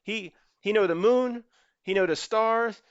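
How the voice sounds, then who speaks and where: A man voicing a wise old bearded man by a fire, speaking in slow, halting phrases. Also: high voice, clear, resonant tone, dry recording, dull audio, pitched above the performer's own voice. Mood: reverent.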